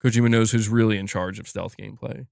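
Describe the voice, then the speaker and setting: A man's voice: fairly low pitch, steady tone, quick pace, gravelly, darkish tone, no echo, studio quality. A young man hosting a casual gaming livestream, rambling with many restarts and addressing the chat as dude and bro. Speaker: livestream host.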